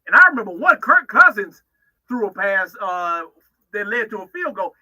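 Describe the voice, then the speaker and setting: A man's voice: high-pitched, very animated, moderate pace, sharp tone, lo-fi sound. A man giving opinionated football analysis on sports talk radio, emphatic and often restarting his phrases.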